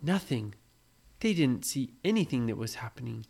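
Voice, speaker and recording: A woman improvises a bedtime story for a child, with a low, animated voice. She keeps drawing the listener in with questions about what happens next. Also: normal speed, creaky, husky.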